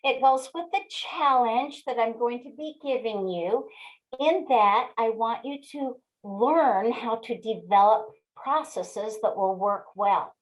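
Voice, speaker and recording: A woman in her sixties giving a webinar talk, telling a family story in an expressive way and speaking straight to her audience. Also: a little high, rough recording. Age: 60s. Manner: slow, expressive storyteller who addresses the audience directly.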